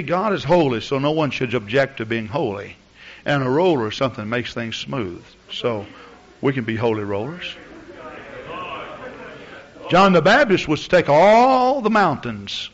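A man preaching a sermon as pastor, talking plainly with the congregation and building to fervent outbursts. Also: medium pitch. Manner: conversational preaching that builds to loud, fervent exclamations. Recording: dull lo-fi recording.

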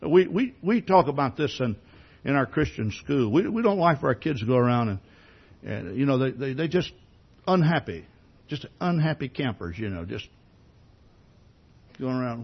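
A man's voice: medium pitch, sing-song, moderate pace, breathy edge, lo-fi sound. A man preaching a sermon in a conversational way, asking many rhetorical questions and often repeating words as he starts a sentence. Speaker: pastor.

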